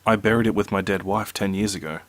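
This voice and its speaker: Low-voiced man reading scary stories. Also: fast talker. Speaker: narrator.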